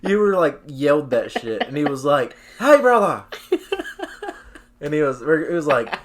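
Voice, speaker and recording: A man's voice: a little high, animated, normal speed. A man, co-hosting a casual podcast, laid-back and swearing freely, calling everyone dude and bro. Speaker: podcast co-host.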